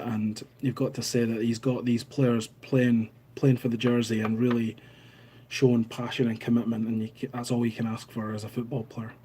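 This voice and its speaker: Scottish guy live streaming, mellow and a bit husky, chatty, reads out comments. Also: medium pitch. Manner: chatty storytelling, laughs at own anecdote. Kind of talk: casual live-stream chat reading comments.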